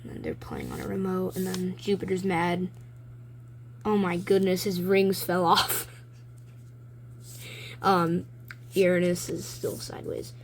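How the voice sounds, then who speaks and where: A woman's voice: lowish voice, animated, slight background noise. A young woman in a casual show-and-tell vlog, rambling and chatty as she describes her own comics at home. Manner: rambling, chatty, reads her own comics aloud with quick silly voices. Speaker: vlogger showing her drawings. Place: home room, lights turned down.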